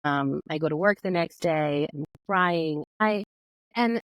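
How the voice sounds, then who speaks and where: A woman's voice: low voice, slow, dry recording, rough recording. A woman, a physical therapist and yoga teacher, telling a personal story as a podcast guest, acting out her own past words. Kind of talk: conversational storytelling.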